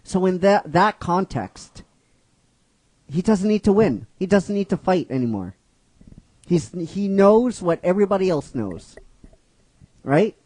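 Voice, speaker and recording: A man walks through his own fan-written story in a loose, rambling way, repeating himself and checking in with "right?" He talks slowly in a fairly high voice. The recording is dry and close. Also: animated, a little mellow, no echo. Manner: rambling, keeps asking "right?". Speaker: fan script writer and narrator. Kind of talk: casual story retelling.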